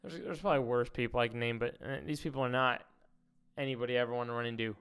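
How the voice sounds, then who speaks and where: A man's voice: mid-range voice, steady tone, racing, fairly bright tone, clear, resonant tone. A man streaming casual commentary, rambling, swearing and reading posts aloud.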